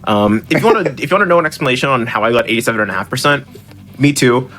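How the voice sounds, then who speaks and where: A man's voice: mid-range voice, expressive, very fast, fairly bright tone. A man commentating his own speedrun, rambling, laughing a lot and mocking himself. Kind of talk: casual commentary while playing.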